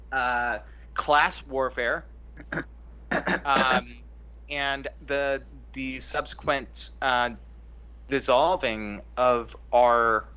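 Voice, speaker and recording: Bright, rambling male co-host for a laid-back movie talk. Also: mid-range voice. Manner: rambling, restarts often. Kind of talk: casual film breakdown chat.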